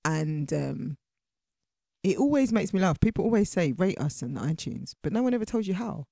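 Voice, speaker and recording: A woman's voice: medium pitch, expressive, normal speed, vocal fry, warm tone, no echo, studio quality. A woman from the UK, a podcast guest in casual chat, blunt and fond of mock-quoting people.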